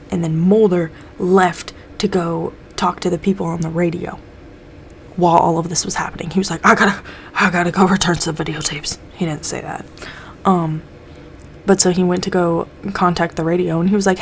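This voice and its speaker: A young woman chats through a TV episode recap in a loose, profane way, jumping into the characters' lines as she goes. Her voice sits a little low, and a faint hiss of background noise runs under it. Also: little pitch movement, a little fast, gravelly. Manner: loose, swears a lot, acts out characters' lines. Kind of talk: casual recap chat.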